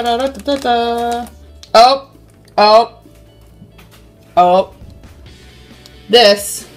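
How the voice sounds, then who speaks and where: A woman's voice: on the low side, creaky. Playful chatty woman unboxing toys. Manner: playful and chatty, with silly sound effects. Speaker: toy unboxing host. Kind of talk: casual unboxing chat.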